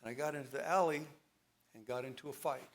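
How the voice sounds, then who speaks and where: A man's voice: mid-range voice, steady tone, fast talker, slight background noise. A man telling his personal testimony at a church service, dramatic storytelling with a voice that rises and falls with emotion. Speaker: church member giving testimony.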